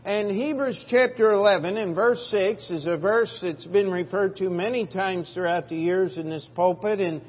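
A man's voice: sits high, normal speed, few pauses, slightly rough. A middle-aged man preaching a sermon as pastor, in a folksy, emphatic way with frequent restarts, recorded in a church sanctuary. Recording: dull, lo-fi church recording with long reverb.

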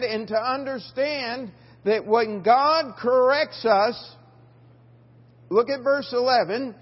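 High-pitched guy preaching slowly, a little husky, long church reverb. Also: dull audio. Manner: preaching with rhetorical questions to the congregation; reads scripture aloud in King James wording. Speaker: pastor. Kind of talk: sermon. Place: church sanctuary.

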